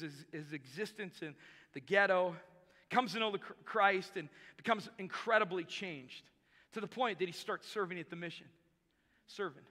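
A man preaches a sermon, his voice pitched very high and ringing bright with a forceful edge. He drives his points home by repeating short phrases. A long hall reverb trails every line. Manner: emphatic, repeats key phrases for effect. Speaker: pastor.

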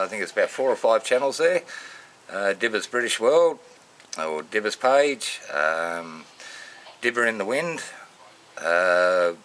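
A man with an Australian accent and a fairly low voice, chatting loosely and full of slang, like he's doing casual shout-outs to his mates. There is a faint hum of noise under him. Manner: matey, rambling, full of slang. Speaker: vlogger.

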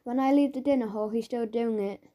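Mellow woman narrating a children's book. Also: on the high side, a little fast. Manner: lively first-person storytelling as a schoolboy. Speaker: audiobook narrator.

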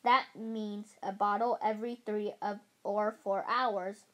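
Woman reading as a gentle lady vet. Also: medium pitch, flat delivery, a little slow, lightly acted. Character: kind woman veterinarian.

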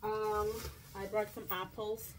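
A woman's voice: medium pitch, little pitch movement, background noise. Chatty woman vlogger. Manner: chatty, drawn-out phrases, asks "okay?" often. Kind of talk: casual grocery haul chat. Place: home, indoors.

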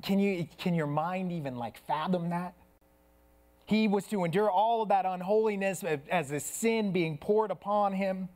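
An earnest male pastor delivering a sermon in a church, with a somewhat high voice. He moves between quiet, hushed stretches and raised, intense ones. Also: moderate pace. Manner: earnest preaching, swings from soft hushed to raised.

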